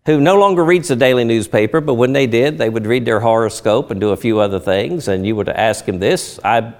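A man's voice: medium pitch, fairly quick, a little mellow. A middle-aged man preaching a sermon in a teaching tone, posing rhetorical questions and answering them.

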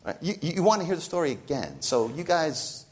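A male preacher in full sermon, his voice sitting high for a man and swinging widely up and down. He speaks straight to his listeners and slips into the voices of the people in the story he tells. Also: brisk. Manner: animated, sweeping pitch and loudness, acts out quoted voices.

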